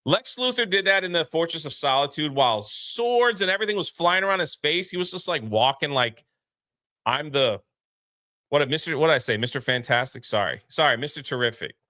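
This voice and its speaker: A man's voice: fairly high pitch, animated, a little fast, bright, forceful tone, dry recording, studio quality. A man co-hosting a casual live movie review, recapping the plot scene by scene and acting out the characters' lines.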